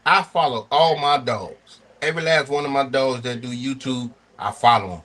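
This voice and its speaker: A man's voice: medium pitch, moderate pace, a bit bright. A truck-driving man bantering on a livestream in a profane, slangy, joking way.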